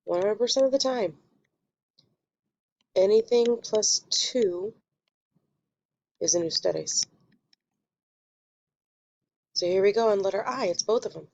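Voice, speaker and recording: A woman teaching a Spanish lesson, explaining step by step in a patient way and quickly correcting her own slips. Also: mid-range voice, creaky, a little mellow. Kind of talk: recorded classroom lesson.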